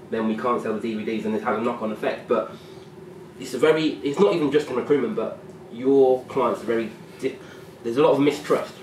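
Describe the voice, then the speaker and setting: A man speaking at a seminar, rambling and repeating words as he goes. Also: mid-range voice. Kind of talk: live seminar talk. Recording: roomy, distant mic, faint noise.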